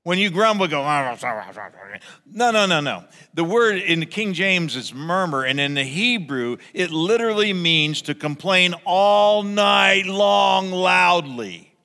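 Bright-voiced male pastor preaching in a hall. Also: sits high, a little slow, creaky, hardly any pauses. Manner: animated, acts out crowds in raised voices. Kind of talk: sermon.

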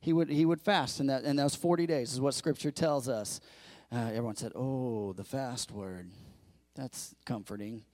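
A pastor preaching a lively sermon to his congregation, acting out quoted lines in a raised voice and joking with the crowd. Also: mid-range voice, normal speed. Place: church.

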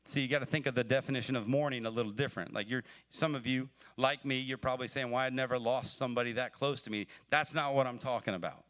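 A man preaching a sermon on a livestream, talking to his viewers like a friend. His voice is bright and a little strained. He builds from easy conversational explanation to fervent, pleading emphasis. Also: medium pitch, steady tone, fast talker, few pauses. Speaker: pastor. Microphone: livestream mic.

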